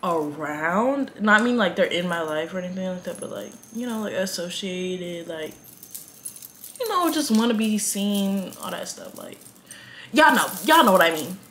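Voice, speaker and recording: A woman's voice: lowish voice, very animated, moderate pace, fairly bright tone, a little hiss or hum. A twenty-year-old woman from Atlanta with a Southern accent, chatting dramatically to camera in a vlog, full of slang. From Atlanta, Georgia. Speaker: vlogger. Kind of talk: casual chat to camera.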